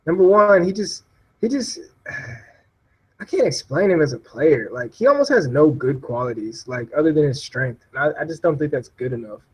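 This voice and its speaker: A man's voice: on the high side, expressive, normal speed, breathy edge, low-quality recording. A young man chatting casually about sports as a podcast guest, joking and mocking players. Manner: joking, mocking, laughs often.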